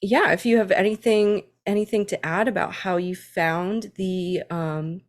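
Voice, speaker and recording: A woman's voice: mid-range voice, steady tone, a little slow. A woman hosting a podcast interview, friendly and giggly, sometimes losing her train of thought. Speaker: podcast host. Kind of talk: casual interview chat.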